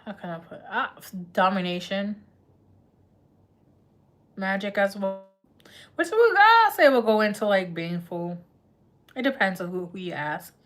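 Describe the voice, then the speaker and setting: A woman's voice: medium pitch, big pitch swings, a little slow, long pauses, a bit bright. A woman doing a live tarot reading in a chatty, laughing, slangy way. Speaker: tarot reader.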